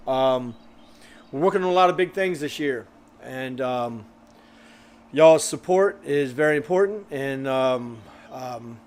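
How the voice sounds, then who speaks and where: A man hosting a grilling live stream. He chats loosely with lots of fillers while reading viewer comments, and he is a bit out of breath. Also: mid-range voice. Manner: loose and rambling, with many fillers.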